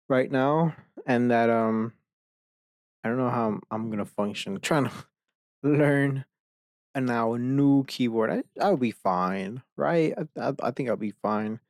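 A man's voice: medium pitch, a little mellow, no echo. A man hosting a casual solo podcast from his desk at home, talking into a desk microphone, rambling, swearing a lot and laughing mid-sentence. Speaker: podcast host.

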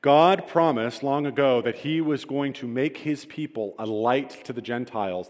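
A man's voice: medium pitch, a little mellow. A man preaching a sermon in a conversational, self-deprecating storytelling manner, in a church hall. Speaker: pastor. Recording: reverberant hall.

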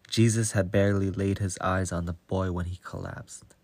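A man narrating a Bible story in a slow, even, deliberate reading. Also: low voice, no echo.

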